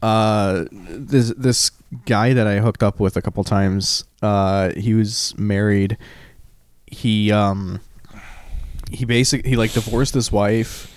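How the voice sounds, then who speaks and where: A man's voice: on the low side, steady tone, slow, no room sound. A man co-hosting a podcast, chatting casually with a joking, self-deprecating manner. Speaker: podcast co-host. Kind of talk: casual chat.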